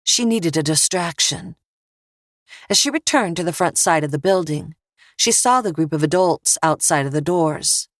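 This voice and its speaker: Low-voiced woman narrating an audiobook. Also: expressive, moderate pace, dry recording, clean studio sound.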